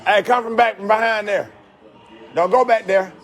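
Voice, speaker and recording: A middle-aged man filming a casual home video, teasing a child with quick-fire questions. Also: high-pitched, steady tone. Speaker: radio host filming at home with grandchildren. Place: home, indoors.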